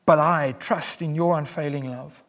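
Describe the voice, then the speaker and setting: Male preacher, fairly high voice, emphatic and earnest, recorded with long hall reverb. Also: fairly even intonation, moderate pace. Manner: earnest, emphatic, with wide swings in loudness. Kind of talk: sermon.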